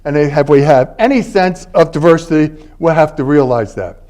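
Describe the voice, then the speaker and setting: A man's voice: fairly high pitch, moderate pace, a little mellow. A man in his eighties, from Philadelphia, giving a university lecture as a guest linguist in a conversational storytelling way, often checking in with the audience with "all right?". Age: 80s. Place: university library event space.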